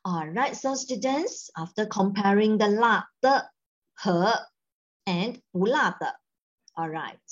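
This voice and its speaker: A woman with a Malaysian accent leads a Mandarin lesson, switching between English and Mandarin as she explains each word. She speaks slowly with a slightly husky voice. The recording sounds dull and lo-fi. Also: mid-range voice, animated. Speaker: Mandarin teacher. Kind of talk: language lesson.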